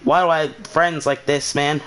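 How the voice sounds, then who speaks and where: A man's voice: a little high, flat delivery, normal speed, a bit bright, slight background noise. A young man hosting his channel, telling a rambling story in a casual way and asking why again and again in exasperation. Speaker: channel host.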